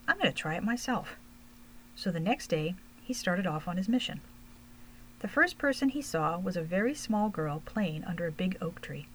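A woman reading a children's storybook aloud, steady and measured. Her voice sits somewhat low for a woman, with a faint hum underneath. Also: poor audio. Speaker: narrator.

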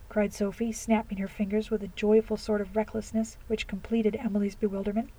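A woman narrating classic fiction as an audiobook, in a measured, expressive storytelling manner. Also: mid-range voice, breathy edge, low-quality recording.

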